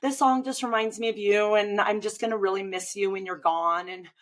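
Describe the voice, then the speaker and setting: The speaker is a woman in her thirties, a swim coach, using a mid-range voice at a brisk clip. She chats casually, animatedly retelling events and saying "like" a lot. It's a rough recording.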